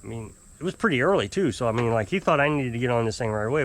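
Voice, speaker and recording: A man telling a long, exasperated story to camera in a rambling, casual way. He mimics his customers in high, put-on voices. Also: expressive, very fast, hardly any pauses. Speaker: off-grid homesteader fixing small engines.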